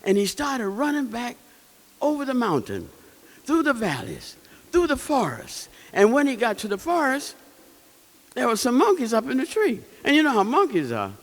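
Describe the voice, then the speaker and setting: A man telling a folktale to a live audience in an animated way, asking them questions as he goes. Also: extremely high pitch, moderate pace, in a large hall. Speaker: storyteller. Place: event hall.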